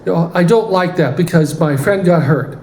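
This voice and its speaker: A man's voice: a little high, normal speed, darkish tone, slight background noise, close to an everyday voice. A man voicing an innocent, earnest young girl angel who keeps asking questions. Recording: roomy church hall, faint ambience.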